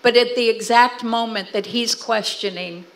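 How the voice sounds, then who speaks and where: On a low-quality recording, a middle-aged woman with a voice on the high side speaks at normal speed. As a guest speaker to a church audience, she tells family stories in an animated way, acting out what her family said.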